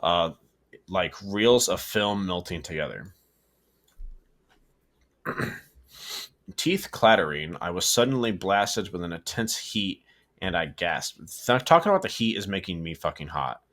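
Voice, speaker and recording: A man's voice: sits low, animated, measured pace, long pauses, a bit bright. A man casually reading a horror story aloud, stumbling, correcting himself and adding asides. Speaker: story reader and co-host.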